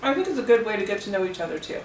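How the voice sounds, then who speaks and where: A woman vlogger chatting casually and playfully while eating, pausing to savor her food. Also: mid-range voice, lively intonation, roomy sound, recorded from a distance, a little hiss or hum, rough recording. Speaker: mukbang vlogger.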